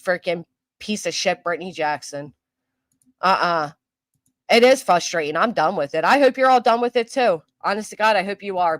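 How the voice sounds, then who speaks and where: A woman's voice: fairly low pitch, no echo, low-quality recording. A woman hosting her commentary channel, ranting in a heated, profane, scolding way. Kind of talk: angry commentary rant.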